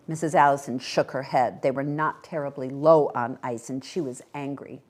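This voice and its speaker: A woman reading a short story aloud at a library event, with expressive, animated delivery. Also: extremely low pitch, moderate pace, few pauses. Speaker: guest reader.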